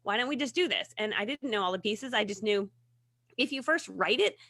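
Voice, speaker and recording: A woman's voice: medium pitch, lively intonation, a little fast, sharp tone, no room sound. A woman talking as a guest author, chatty and telling stories with frequent laughs. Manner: chatty, laughs often, storytelling. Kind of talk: casual chat.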